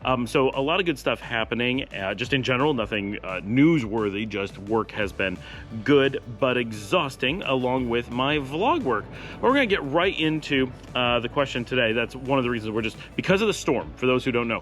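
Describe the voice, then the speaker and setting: A man sits in his home office chatting to camera for his daily vlog, loose and conversational. He wanders into asides and drops the odd dry, sarcastic remark. Faint music plays softly beneath his voice. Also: medium pitch, lively intonation, normal speed. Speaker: vlogger answering viewer questions. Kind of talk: casual talking-to-camera vlog.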